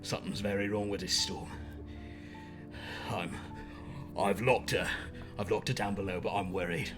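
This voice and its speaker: A man doing a gruff, worried servant. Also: fairly low pitch, steady tone, normal speed, music in the background, voice pushed down, lightly acted. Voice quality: dark, gruff.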